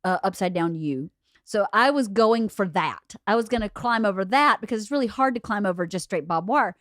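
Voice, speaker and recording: A woman hosting a podcast, telling a story in a lively, laughing way. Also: mid-range voice, fairly quick, no room sound, studio quality. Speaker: podcast host. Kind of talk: casual storytelling chat.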